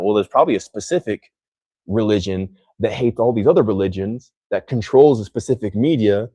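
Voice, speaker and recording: A man's voice: fairly low pitch, fairly quick, dark tone, breathy edge, dry recording. A young man from the United States hosting a podcast, rambling in casual chat and filling his talk with "like". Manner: rambling, heavy use of "like". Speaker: podcast host.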